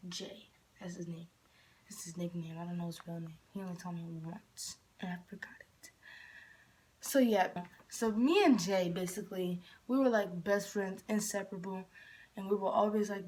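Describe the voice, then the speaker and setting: A young woman from Michigan telling a story in a casual vlog, rambling, often dropping to a whisper and jumping up in pitch when she quotes herself. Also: fairly even intonation, moderate pace, darkish tone. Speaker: vlogger.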